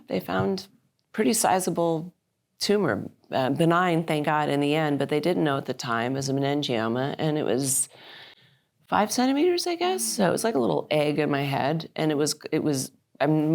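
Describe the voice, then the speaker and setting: A woman in her fifties with a low voice tells her story at a live interview. She talks in a lively, animated way, often slipping into the voices of people she quotes, with many fillers and restarts along the way. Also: creaky. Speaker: guest. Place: live stage event.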